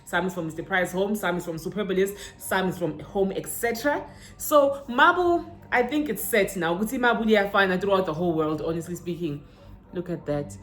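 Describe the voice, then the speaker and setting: A young South African woman with a Zulu-inflected accent, a vlogger chatting through a shopping haul and mixing in Zulu words, her pitch jumping up when she gets excited. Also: fairly quick. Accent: South African, Zulu-inflected English. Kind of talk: casual haul unboxing chat. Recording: roomy echo with faint ambience.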